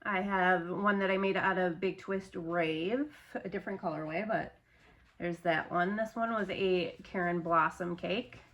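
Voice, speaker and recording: A woman's voice: fairly low pitch, steady tone, measured pace, fairly bright tone. Woman chatting loosely about her crafts. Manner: loose, rambling, with frequent fillers and restarts. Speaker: crochet seller showing her stock. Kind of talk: casual chat.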